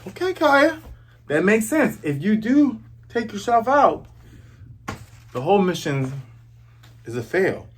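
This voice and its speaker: Animated, husky-voiced man reviewing comics. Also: high voice, slow pace, pauses often. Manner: animated, excitable, jokey asides. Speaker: host. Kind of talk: casual comic review commentary.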